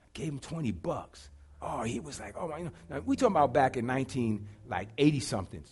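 A middle-aged man preaching a sermon, telling a story dramatically and swinging from hushed to shouting. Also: mid-range voice, very animated, fast, slightly rough.

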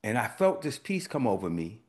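A man preaching a sermon, telling a personal story and swinging from quiet asides to loud emphatic lines. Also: fairly low pitch, sing-song, moderate pace. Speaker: pastor.

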